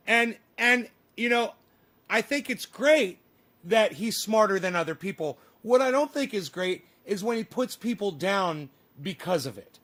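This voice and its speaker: A man's voice: high-pitched, a bit bright. A man ranting profanely and combatively at his livestream chat. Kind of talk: casual livestream rant.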